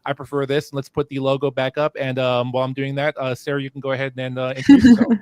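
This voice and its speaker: A man's voice: medium pitch, quick pace, a little mellow, clear, resonant tone, no echo. A man filling in as host of a casual livestream talk show, rambling with lots of fillers and restarts, on a headset mic at home. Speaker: fill-in host.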